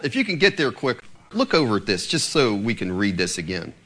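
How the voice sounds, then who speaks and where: Animated male preacher, lively pitch. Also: brisk. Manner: animated, emphatic, addresses congregation directly. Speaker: pastor. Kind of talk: sermon.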